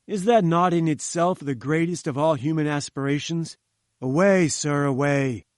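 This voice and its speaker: A man's voice: on the high side, moderate pace, no echo, clean studio sound, lightly acted. A man voicing a domineering, haughty older male scientist who barks orders. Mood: imperious. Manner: haughty and commanding.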